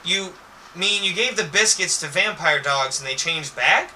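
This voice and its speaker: A man voicing a frightened kid protagonist who talks in a shrill, pleading, frantic way. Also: unhurried, pushed and bright. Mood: excited. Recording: distant mic with faint noise.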